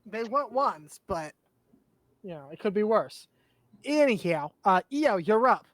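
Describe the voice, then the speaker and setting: A man with a notably high-pitched voice narrates a tabletop game as game master. He describes the scene vividly and pauses to explain rules and checks to his players, laughing along with them. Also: very animated, a bit bright, dry recording.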